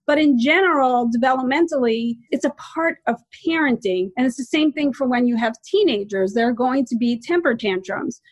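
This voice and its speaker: A woman's voice: sits high, animated, normal speed, few pauses, no room sound. A woman in her forties, a parenting expert guest, explaining practical advice in a reassuring, explanatory way. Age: 40s. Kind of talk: interview advice.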